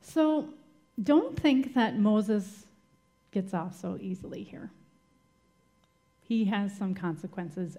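A woman's voice: medium pitch, mellow. A woman giving a sermon as a Bible teacher, retelling scripture dramatically and asking the listeners rhetorical questions.

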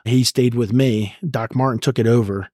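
A man's voice: medium pitch, steady tone, normal speed, no echo, clean studio sound. A middle-aged man, a retired army sergeant major, telling intense combat stories as a guest in an interview, blunt and profane. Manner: blunt, profane and vivid, acting out shouted orders. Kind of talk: intense war storytelling in a podcast interview.

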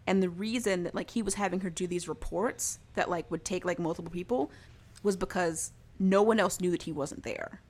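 A young woman talks through a show's plot in an easy, rambling way, leaning on "like" and laughing now and then. Her voice sits a little lower than most women's. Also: fairly quick. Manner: chatty, heavy use of "like", frequent laughs. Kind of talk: casual recap of a TV show.

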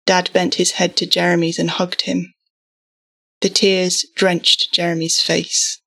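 A woman narrating a story aloud in an even, measured reading voice. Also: lowish voice, vocal fry, husky.

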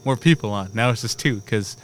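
A man co-hosting a casual podcast outdoors at night, telling stories and mimicking friends with dark humor. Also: lowish voice, brisk, faint music behind. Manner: storytelling, mock-quoting others, dark jokes. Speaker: podcast co-host. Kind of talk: casual chat.

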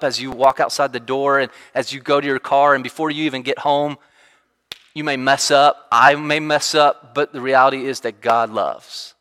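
Man, pastor, lively conversational sermon, bright forceful tone, long hall reverb. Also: mid-range voice. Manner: animated, conversational preaching with frequent restarts.

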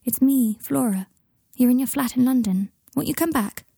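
A woman voicing a gentle, caring young woman who speaks in a coaxing way. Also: sits high, moderate pace, gravelly, husky, no room sound, studio quality, voice pushed up, heavily acted.

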